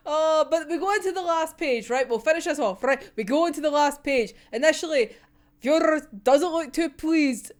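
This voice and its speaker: A woman reacting to a manga chapter in casual, animated chat, swearing freely and laughing often. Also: sits high.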